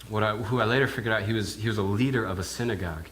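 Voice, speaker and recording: Halting low-voiced minister in character. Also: male voice, a bit bright, a little hiss or hum. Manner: halting, often repeats words as he goes. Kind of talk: first-person character monologue sermon. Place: church.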